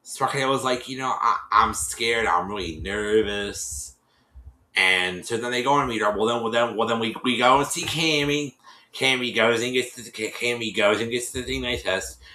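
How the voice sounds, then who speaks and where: A man's voice: mid-range voice, brisk, bright, forceful tone, roomy sound, low-quality recording. A man casually recapping a TV episode, rambling and restarting often and acting out the people he quotes. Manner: rambling storyteller, many restarts, acts out quotes. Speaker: show reviewer.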